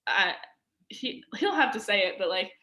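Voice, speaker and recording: A woman's voice: mid-range voice, very animated, moderate pace, bright, forceful tone. A young woman telling a personal story as a podcast guest, chatty and casual, full of "like" and fillers. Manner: chatty, filler-heavy with frequent "like" and laughs.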